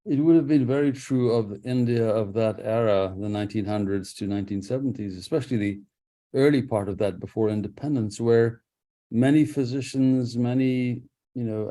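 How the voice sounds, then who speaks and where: A man speaking as an author guest on a radio interview, thoughtful and unhurried, with restarts and soft laughs. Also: medium pitch. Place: radio studio.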